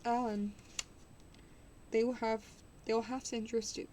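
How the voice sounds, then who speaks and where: A woman reading the lines of a desperate young gentleman aloud from a novel, urgent and pleading, with small slips. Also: a little high, flat delivery, moderate pace, a little hiss or hum, natural voice.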